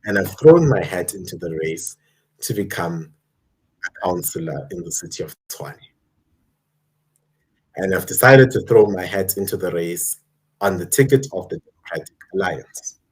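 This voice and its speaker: A South African man hosts his own channel, delivering emphatic, ranting political commentary on a live stream and addressing his viewers directly. His deep voice is animated, slightly rough and a little mellow, at normal speed with long pauses. The audio quality is poor.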